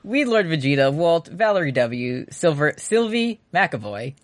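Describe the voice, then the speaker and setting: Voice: mid-range voice, big pitch swings, unhurried, no room sound. A podcast co-host in a casual outro, joking and laughing often while rattling off long lists of names.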